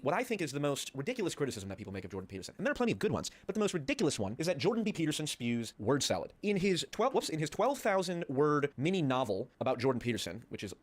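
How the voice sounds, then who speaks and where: A man presenting an energetic explainer video, firing off jokes and quick asides. He talks extremely fast, and his pitch swings widely. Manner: animated and joking, quick asides. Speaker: video essayist.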